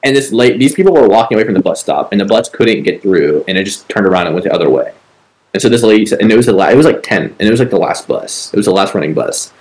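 On a rough recording, a podcast co-host tells a story at a fast clip, his voice on the low side, expressive and a little mellow. He rambles casually, swearing freely and leaning heavily on filler words.

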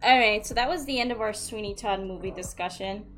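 Woman, podcast host, casual chat, mid pitch, faint background music. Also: a little fast, a bit bright. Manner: swears casually, steers the talk.

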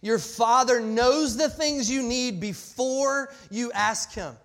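A man in his forties preaching a sermon, passionate and full of restarts, swinging between loud emphasis and quiet asides. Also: very high voice, takes it slowly. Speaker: pastor.

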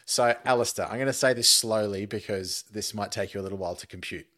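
Low-voiced Australian quizmaster. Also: male voice, fast, sharp tone. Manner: quizmaster, reads questions out teasingly. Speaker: podcast co-host. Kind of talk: casual podcast chat.

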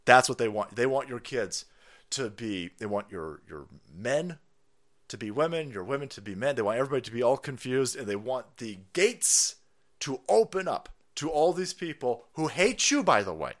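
A man hosting a livestream, ranting in a mocking, combative way that swings from loud outbursts to low muttering, and reading viewer chat aloud. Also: expressive, moderate pace. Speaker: livestream host. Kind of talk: ranting political commentary livestream.

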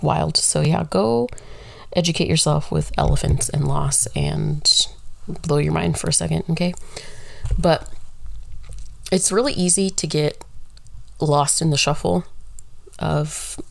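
A woman's voice: sits low, steady tone, a little slow, creaky, pauses often, darkish tone, dry recording. A woman talking through a casual solo monologue, candid and rambling, swearing freely.

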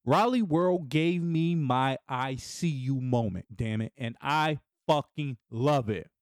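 A middle-aged man hosting a casual solo podcast, animated and often laughing, dropping into low murmurs and jumping into excited high bursts. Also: takes it slowly, dry recording, clean studio sound. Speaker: podcast host.

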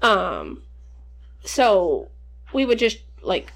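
A woman's voice: mid-range voice, huge pitch swings, slow pace, vocal fry, a bit bright, faint music behind. A woman in her twenties telling rambling, profane childhood stories in casual podcast chat. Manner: rambling, profane, laughing storyteller. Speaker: podcast co-host.

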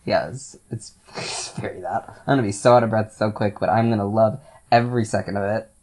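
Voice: medium pitch, steady tone, brisk, darkish tone. A young podcast co-host chatting casually with a friend, playful and full of slang, laughing often. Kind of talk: casual chat.

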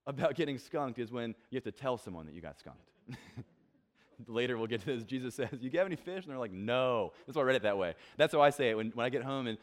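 A young pastor preaches a casual, conversational sermon, acting out quotes and poking fun at himself. His mid-range voice is fast with lively intonation.

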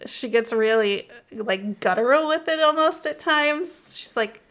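A young woman hosting a casual film podcast, talking fast and excitably and often breaking into laughter. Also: fairly high pitch. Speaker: podcast host. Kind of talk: casual film-recap chat.

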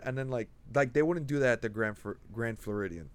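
A young man co-hosting a podcast, telling anecdotes with lively acted-out bits. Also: mid-range voice, fast, hardly any pauses, dry recording. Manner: animated storyteller, acts out people in anecdotes. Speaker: podcast co-host. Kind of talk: casual chat.

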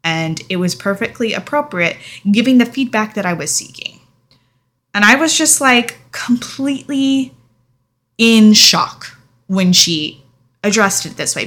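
A woman's voice: mid-range voice, expressive, measured pace, a bit bright. A young adult woman telling a personal story in a candid, emotional vlog, speaking frankly and sometimes swearing. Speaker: vlogger.

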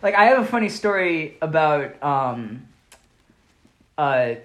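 A woman's voice: low voice, big pitch swings, slow pace, a bit bright. A woman hosting a podcast, chatting casually with lots of fillers and restarts. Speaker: podcast host. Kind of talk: casual chat.

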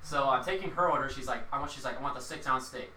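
A man's voice: medium pitch, fast talker, background noise. A young man, a restaurant server, telling a story in casual chat, rambling with lots of fillers and quoted dialogue. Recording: echoey room, mic at a distance.

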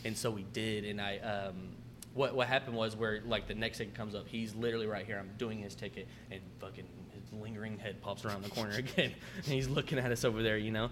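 A man's voice: lowish voice, fast, background noise. A man with an Oklahoma accent, a restaurant manager hosting a podcast, telling a story in casual chat and acting out the people in it with swearing and laughs. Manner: animated, acts out quotes with swearing and laughs.

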